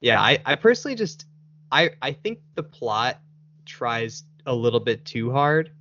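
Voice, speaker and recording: A man's voice: mid-range voice, very animated, a little slow, pushed and bright, muffled recording. A man hosting a casual podcast chat, rambling and laughing often. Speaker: podcast host.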